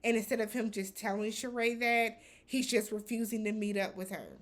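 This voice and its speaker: A woman hosting a casual reality TV recap, talking in a blunt, animated way with some swearing. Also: on the high side, normal speed.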